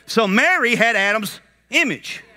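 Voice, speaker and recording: A man preaching a sermon at a conference, animated and shouting at peaks, slipping into character voices for retold scenes. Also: sits high, unhurried. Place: conference hall.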